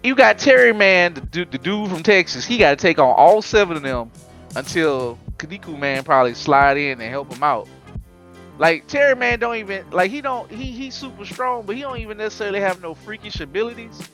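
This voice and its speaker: Animated slangy man hosting anime chat. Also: sits high, fairly quick, soft background music. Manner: animated, laughing, slangy storytelling. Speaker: podcast host.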